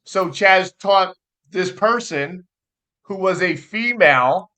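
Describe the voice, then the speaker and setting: A man with a high, bright voice takes part in casual podcast talk. He speaks haltingly, with many stops and starts, and often breaks in with questions. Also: lively intonation. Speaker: co-host.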